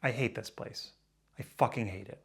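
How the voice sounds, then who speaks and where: Angry gravelly man ranting. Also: normal speed. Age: 30s. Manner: angry, swearing, stuttering restarts; swings between loud outbursts and low muttering. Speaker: vlogger. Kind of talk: raw emotional rant to camera.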